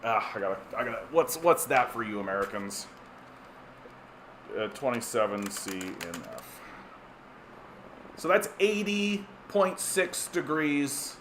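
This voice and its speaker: Canadian guy rambling on his stream, sarcastic, lots of uh and restarts, mid pitch, bit of background hiss. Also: very animated, measured pace, pauses often, fairly bright tone. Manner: rambling, many restarts and fillers, sardonic. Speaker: livestream host reading chat. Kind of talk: casual political livestream chat.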